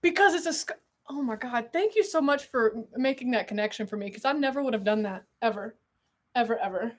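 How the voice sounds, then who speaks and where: Young woman live-streamer, high and excitable, rambling and sweary, chats loosely with viewers. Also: fairly quick. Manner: excitable, rambling storyteller who swears freely and keeps getting sidetracked. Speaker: streamer hosting a monthly live unboxing. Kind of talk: casual live-stream chat.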